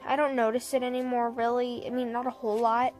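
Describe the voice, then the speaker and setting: A woman's voice: on the high side, fast. Chatty young woman with laughs. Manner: animated, laughs often, quotes people. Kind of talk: casual storytelling vlog.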